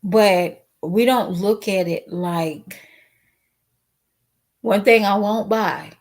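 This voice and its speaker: A medium-pitched woman vlogger offers casual commentary straight to her viewers, outspoken and emotional. Sometimes she turns tearful and her voice cracks.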